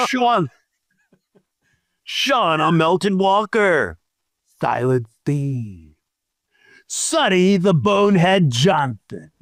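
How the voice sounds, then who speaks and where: Slow, giggly podcast co-host. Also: medium pitch, big pitch swings, no room sound, clean studio sound. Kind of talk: casual comedy podcast banter.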